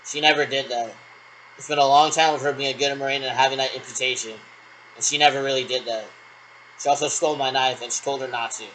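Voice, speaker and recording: A man's voice: medium pitch, fairly even intonation, fast, bright, forceful tone, slight background noise, rough recording. A man in a rambling solo monologue who repeats himself and answers his own questions.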